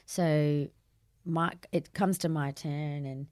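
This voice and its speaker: An Australian woman with a low, deep speaking voice tells a personal story as a podcast guest, chatty and lively, with plenty of "um"s and quick laughs. The sound is close and dry, with almost no room around her. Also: no room sound. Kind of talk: casual storytelling interview.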